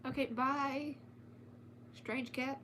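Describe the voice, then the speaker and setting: A bright, fairly high-voiced woman reads a storybook aloud at home in a relaxed storytime manner. She breaks off to chat with her cats and swears casually. A faint hum sits behind her. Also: extremely slow. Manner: chatty, swears casually, chats to her cats between passages. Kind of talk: casual storytime book reading.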